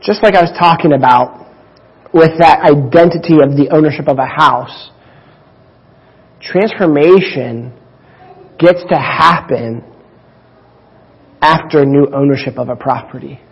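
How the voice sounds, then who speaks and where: A man delivers a sermon slowly and deliberately, leaning on key words and pausing between phrases. His voice is a little husky and sits fairly high for a man. The recording sounds dull and lo-fi. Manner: deliberate, emphatic preaching with drawn-out pauses. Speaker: pastor.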